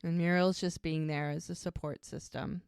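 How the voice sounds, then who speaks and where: A woman's voice: lowish voice, flat delivery, normal speed, creaky, darkish tone, clean tone, dry recording. A woman co-hosting a rewatch podcast, retelling the scenes in casual chat and briefly putting on little voices for the characters' lines. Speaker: podcast co-host recapping episodes.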